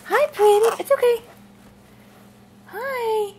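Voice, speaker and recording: A woman's voice: very high-pitched, takes it slowly, darkish tone, a little hiss or hum. A woman talking baby talk to an infant at home in a cooing, sing-song voice. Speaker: parent filming an infant.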